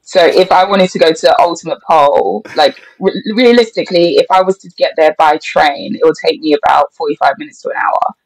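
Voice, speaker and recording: A woman's voice: sits low, fairly quick, vocal fry, hardly any pauses, dry recording, rough recording. A young woman, a dance instructor and guest on a podcast, speaking in a laid-back, giggly way with lots of hesitations. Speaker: pole and twerk instructor, guest. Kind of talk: casual interview chat.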